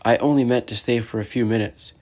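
A man's voice: mid-range voice, fairly even intonation, fairly quick, a little mellow, lightly acted. A man doing a kind, earnest young girl.

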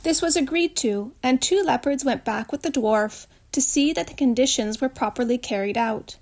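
A woman's voice: sits high, moderate pace, darkish tone. Woman reading a storybook aloud.

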